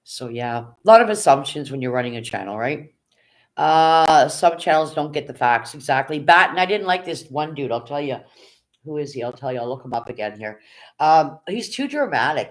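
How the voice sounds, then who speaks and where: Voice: medium pitch, lively intonation, moderate pace. A live streamer chats casually with viewers, blunt and often profane. The delivery is loose and conversational, and the streamer keeps checking in with the chat. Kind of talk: casual livestream commentary.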